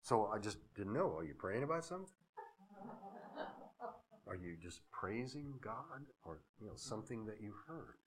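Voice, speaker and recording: A man preaching a sermon, swinging from emphatic declarations to hushed, reverent asides, with conversational anecdotes. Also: on the low side, very animated, normal speed, long pauses. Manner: conversational, with chuckles and acted-out anecdotes. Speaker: pastor.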